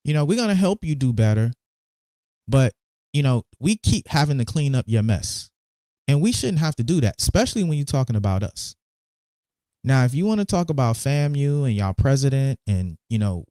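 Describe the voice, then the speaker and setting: A man hosting a casual commentary livestream, animated and teasing, often repeating words as he talks. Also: mid-range voice, dry recording, studio quality. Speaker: podcast host.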